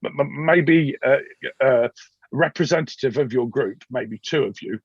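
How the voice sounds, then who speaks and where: A man voicing a fawning, stammering male envoy of a noble lady, fussy and flattering. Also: medium pitch, unhurried, gravelly, breathy edge, no echo. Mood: flustered. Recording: dull dry recording.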